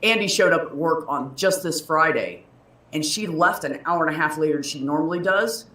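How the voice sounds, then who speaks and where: A woman's voice: sits low, normal speed, a bit bright, distant mic. A woman in her thirties hosting a casual livestream chat, telling a story in a profane, heated way. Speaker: livestream host. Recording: roomy echo.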